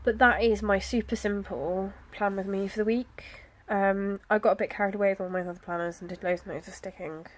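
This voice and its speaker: A woman, chatting casually about her planner, with soft, self-deprecating asides and frequent fillers. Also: mid-range voice, steady tone, a little fast, hardly any pauses. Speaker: planner vlogger. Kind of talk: casual chat.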